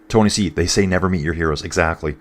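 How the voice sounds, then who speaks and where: A man narrates a live race in an easy, chatty way, his very low voice a little congested, and he reads out viewers' comments along the way. He talks fast.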